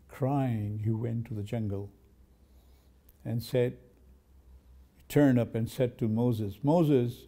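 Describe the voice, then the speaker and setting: A man's voice: medium pitch, dark tone. An older man, a professor, giving a university lecture on poetry, telling stories and reciting verse before translating it. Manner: storytelling, reciting Persian verse then translating.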